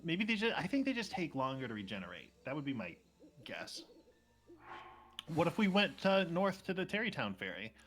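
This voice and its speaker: A man chatting excitedly while playing a game live on stream, laughing often and reacting quickly. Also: a little high, soft background music. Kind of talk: live gameplay chat.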